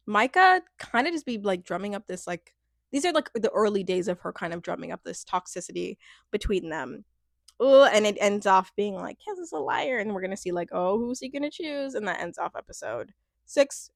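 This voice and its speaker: A woman's voice: medium pitch, fairly bright tone, no echo, studio quality. A young woman chatting casually as she recaps a reality show, giggly and candid, filling her talk with "like" and "um". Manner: chatty, giggly, full of fillers and asides; candid and playful. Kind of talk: casual chat.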